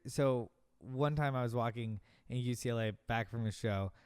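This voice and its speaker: Animated thirty-something man telling stories. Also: medium pitch, moderate pace, clear, resonant tone, dry recording, studio quality. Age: 30s. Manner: animated storyteller, acts out shouted quotes. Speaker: podcast co-host. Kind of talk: casual chat, storytelling.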